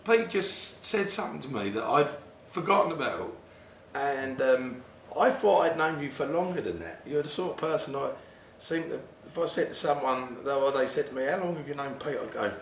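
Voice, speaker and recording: A man's voice: medium pitch, expressive, moderate pace, few pauses, echoey room, slight background noise. A man interviewing a friend in casual chat, chummy and eager, prodding for stories.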